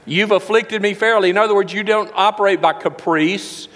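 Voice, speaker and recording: A man's voice: high-pitched, a bit bright. Preaching man in a reverberant church. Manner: emphatic preaching, slows down to stress verses. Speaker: pastor. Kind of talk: sermon. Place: church sanctuary. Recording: long reverb of a large hall.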